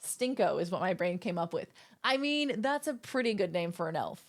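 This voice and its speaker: A woman's voice: on the low side, expressive, moderate pace. Playful young woman streamer chatting. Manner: playful, rambling, goofy asides. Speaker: live streamer. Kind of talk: casual chat with stream viewers.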